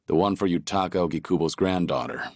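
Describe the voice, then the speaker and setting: An actor voicing a stoic, gruff middle-aged ex-yakuza man in video game voice lines, terse and low-spoken. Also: a little fast, no room sound, clean studio sound. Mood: weary. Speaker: game character voice clips.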